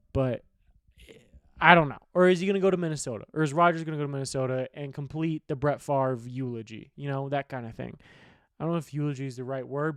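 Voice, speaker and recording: A man's voice: medium pitch, clear, resonant tone, no room sound, studio quality. A man hosting a sports podcast, talking football news in a rambling, opinionated way and swearing casually. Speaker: sports betting podcast host.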